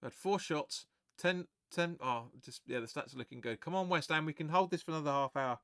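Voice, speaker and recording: Bright-voiced excitable football fan. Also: male voice, fairly high pitch, a little fast, clean tone, no room sound, clean studio sound. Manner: excitable, chatty, swears, reads viewer comments aloud. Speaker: fan watch-along host. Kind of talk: live match watch-along commentary.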